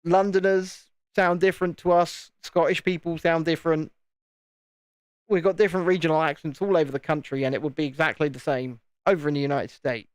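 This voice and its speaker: A livestream host from England's home counties, with a Southern English accent, chats casually while building. The mid-range voice is steady and fairly quick, studio quality with no echo, and words often get repeated.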